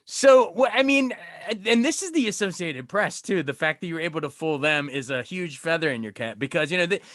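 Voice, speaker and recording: Bright-voiced enthusiastic male interviewer. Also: on the high side, animated, no echo, clean studio sound. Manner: quick to laugh, enthusiastic. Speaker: entertainment reporter, podcast host. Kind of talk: casual interview.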